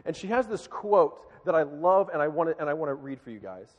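A man's voice: on the high side, big pitch swings, fairly quick. Man preaching in a reverberant hall. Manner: dramatic, swings from loud pleading to hushed. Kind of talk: sermon storytelling.

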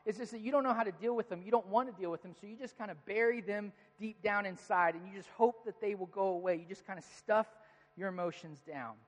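A man in his thirties preaching a sermon, telling stories about his children and acting out their lines with animated voices. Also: high voice, fast talker. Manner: storytelling, animated when quoting his kids. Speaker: pastor. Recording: long reverb of a large hall.

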